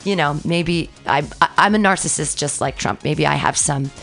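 A woman comedian, a guest on a podcast, talking at length in an effusive, loud, storytelling way. Her voice sits a little low for a woman. Soft music plays faintly behind her. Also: moderate pace, gravelly. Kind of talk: casual podcast chat.

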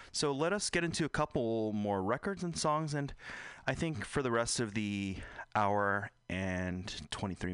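A man's voice: lowish voice, a bit bright, clean tone, no room sound. A man hosting a radio show, chatting casually and rambling, swearing often and repeating himself as he hunts for words, on a studio mic. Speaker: radio host. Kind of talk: casual chat.

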